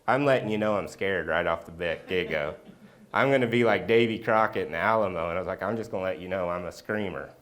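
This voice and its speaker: A man preaching a sermon as pastor, telling a personal story and acting out the scenes with loud outbursts. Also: on the low side. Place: church sanctuary.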